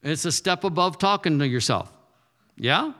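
A man's voice: fairly high pitch, animated, moderate pace, sharp tone. A male pastor preaching a sermon in a loose, conversational way, often repeating words as he goes. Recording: reverberant hall.

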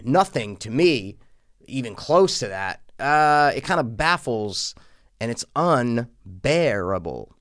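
A man co-hosts a casual film review chat. His voice sits a little high and jumps around a lot. He swears freely and reacts in a big, exaggerated way. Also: a bit bright. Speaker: podcast co-host reviewing a film.

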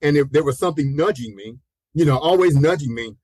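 A man's voice: a little high, brisk, slightly rough, no room sound, poor audio. Dry-sounding man of about sixty telling stories. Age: around 60. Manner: animated, acts out quoted voices, laughs often mid-story; repeats himself, peppers talk with "you know". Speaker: pastor and guest. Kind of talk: storytelling in a conversational interview.

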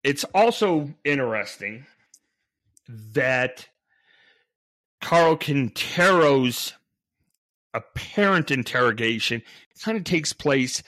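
Male podcast host with a middle-pitched voice, casually narrating, working his thoughts out aloud with restarts. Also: expressive, takes it slowly, pauses often, fairly bright tone. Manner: thinks aloud, frequent restarts and fillers.

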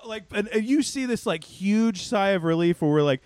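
Animated man telling a story. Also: high voice, moderate pace, few pauses, no echo. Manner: animated, filler-heavy, quotes himself and others. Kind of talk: casual storytelling chat.

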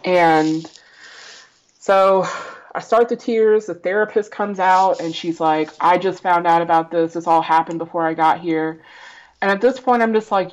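Low-voiced woman telling a blunt story. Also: fairly even intonation, measured pace, rough recording. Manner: blunt and profane, often laughing, acts out quoted voices. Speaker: podcast guest. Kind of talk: candid personal storytelling.

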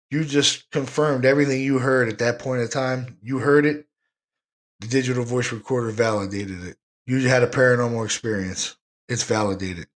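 A man hosting a paranormal talk show, rambling in a casual, enthusiastic way and often repeating himself. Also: medium pitch. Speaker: paranormal podcast host.

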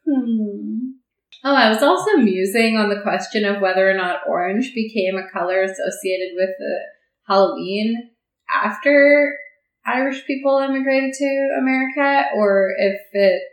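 A woman's voice: medium pitch, a little slow, roomy sound, rough recording. A woman co-hosting a casual podcast chat, rambling and curious, laughing often and swearing freely.

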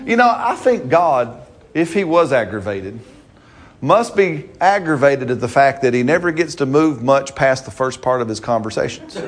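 A man preaching a sermon, playful and animated, often breaking into laughter and call-and-response with the congregation. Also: on the high side, breathy edge.

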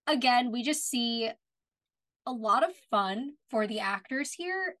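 A woman co-hosting a podcast, chatting casually about a TV episode and quickly agreeing or adding points. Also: on the high side, lively intonation, a bit bright. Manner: quick agreeing remarks, lots of fillers. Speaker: podcast co-host. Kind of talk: casual recap chat.

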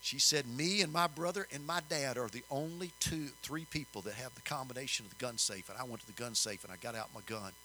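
An older man telling a story in a sermon, folksy and animated, rising in emphasis. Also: mid-range voice, brisk, hardly any pauses, a little hiss or hum, poor audio. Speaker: preacher.

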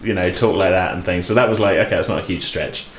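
A man's voice: low voice, fast talker, echoey room, slight background noise, rough recording. A man hosting a casual podcast chat as game master, talking loosely with many fillers. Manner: loose, filler-heavy talk.

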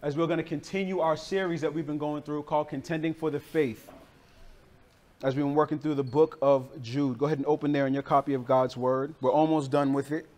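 Man, pastor, high-pitched, conversational sermon, streetwise slang, lively storytelling, from the northern US. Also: brisk. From northern United States.

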